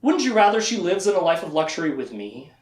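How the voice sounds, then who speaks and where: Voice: medium pitch, sing-song, fast talker, reverberant, natural voice. A speaker retelling a fantasy novel, voicing a scheming, powerful male wizard tyrant in a smug, bargaining tone.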